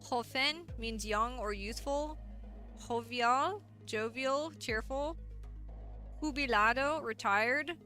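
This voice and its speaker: A woman's voice: a little high, takes it slowly, sharp tone, faint music behind. A woman streamer chatting casually and playfully, often laughing as she reads chat.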